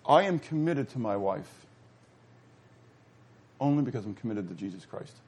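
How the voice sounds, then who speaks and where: Male pastor, middle-aged, husky, lively pitch swings, calls out questions to the congregation. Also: normal speed. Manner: swings from loud exclamations to quiet asides, asks the audience questions. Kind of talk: sermon.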